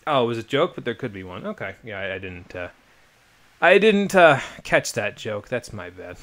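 A man's voice: medium pitch, big pitch swings, normal speed, a bit bright. An American man streaming a game live, talking casually with sarcastic, profane, rambling asides. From United States. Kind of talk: live let's play commentary.

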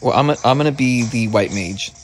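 A man giving excitable let's play commentary, stammering over his words and swearing often, with faint game music behind him. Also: mid-range voice, fairly quick, slight background noise. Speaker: gaming video creator.

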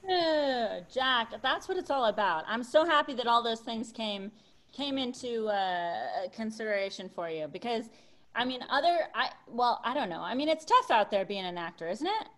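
A woman's voice: fairly high pitch, animated, normal speed, a bit bright. A woman comedian hosting a variety show interview, asking eager, chatty questions over a video call. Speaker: comedian host.

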